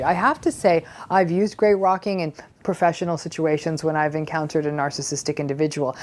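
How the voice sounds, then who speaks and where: A woman with a somewhat low voice explains a psychological idea in a conversational, earnest way. She teaches as if talking straight to the viewer. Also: darkish tone. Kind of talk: educational talk to camera.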